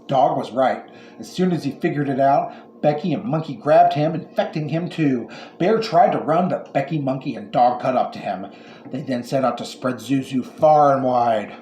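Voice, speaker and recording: Deadpan male storyteller in an echoey room. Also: mid-range voice, moderate pace, slight background noise. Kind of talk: comic horror story narration. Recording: echoey room with faint ambience.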